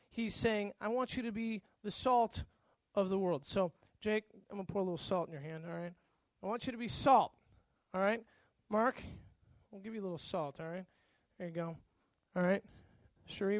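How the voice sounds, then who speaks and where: A male pastor gives a sermon in a strikingly high voice, animated and conversational. He shifts into different voices to act out everyday dialogue. The recording is close and dry, with no room sound at all.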